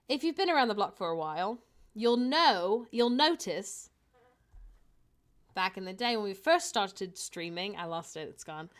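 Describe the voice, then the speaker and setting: Chatty, animated young woman streaming. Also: on the high side. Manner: chatty, laughs often, self-deprecating. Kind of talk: casual livestream chat. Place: home. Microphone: desk microphone.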